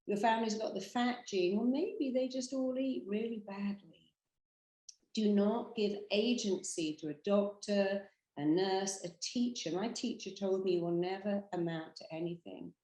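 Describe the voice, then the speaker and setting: A woman with a British accent, a therapist giving an emphatic, animated motivational talk straight to the camera. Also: mid-range voice, measured pace, echoey room, rough recording. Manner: emphatic, animated storytelling with acted quotes. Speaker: therapist and hypnotherapist.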